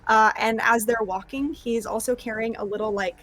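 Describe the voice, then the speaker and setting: Chatty woman player, slightly high voice, filler-heavy tabletop description. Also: steady tone, normal speed, fairly bright tone. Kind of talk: describing and voicing her character.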